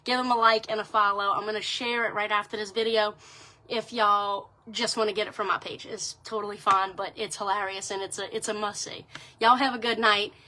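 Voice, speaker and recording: A woman's voice: mid-range voice, little pitch movement, a little fast, bright, forceful tone, slight background noise. A young woman with a Southern US accent, chatting casually on a livestream, greeting viewers and saying y'all a lot. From Louisiana. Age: young adult. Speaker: livestream host. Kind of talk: casual chat to live viewers.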